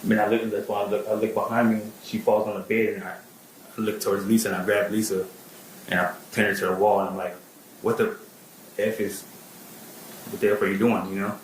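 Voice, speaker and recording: Halting low-voiced man testifying. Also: flat delivery, roomy sound, a little hiss or hum, poor audio. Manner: halting, repeats words, many fillers like "like" and "um". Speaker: witness testifying in court. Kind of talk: plain spoken testimony.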